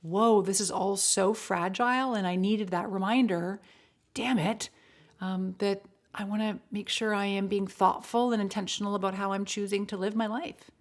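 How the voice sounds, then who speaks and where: A woman talking as a podcast guest, animated and chatty, with many fillers and quick bursts of speech. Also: mid-range voice. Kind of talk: casual interview chat.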